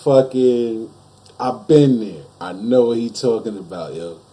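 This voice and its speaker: A man's voice: medium pitch, unhurried, mellow. A man hosting a reaction video, talking casually with slang and a laid-back manner.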